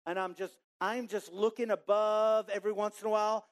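This preacher, a forties-aged man from Texas, talks a little fast in a high-pitched voice, bringing his sermon to life with a personal anecdote where he voices his own thoughts.

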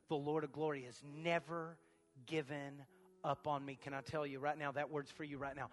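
A man preaching a sermon as pastor of a church, moving from quiet talk to shouted passages. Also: a little high, fairly even intonation, moderate pace, in a large hall, soft background music.

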